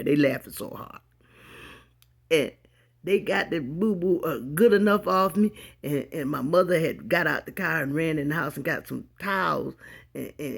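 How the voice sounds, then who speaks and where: A woman telling a funny childhood story to her viewers in an animated, casual way, talking straight to the audience. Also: low voice, creaky, husky.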